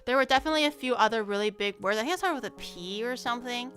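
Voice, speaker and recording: A woman's voice: a little high, racing, fairly bright tone, faint music behind. A young woman chatting casually with her viewers, rambling, poking fun at herself and laughing often.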